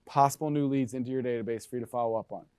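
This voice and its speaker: A man giving an energetic sales presentation to real estate agents, checking in with the room with frequent questions. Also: medium pitch, racing, clear, resonant tone, no echo, clean studio sound. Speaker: brokerage presenter.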